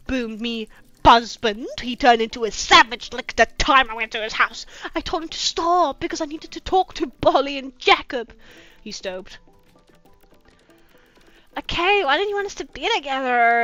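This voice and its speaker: A woman's voice: high-pitched, expressive, unhurried, pushed and bright, no room sound. A woman host reading fanfiction aloud with sarcastic, profane commentary and mocking asides. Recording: dull lo-fi with faint music.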